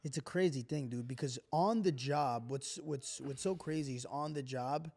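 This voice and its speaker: A young man telling profane stories in a casual, animated podcast chat, often acting out what others said. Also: medium pitch, normal speed. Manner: profane, animated storytelling with acted-out quotes. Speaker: podcast co-host.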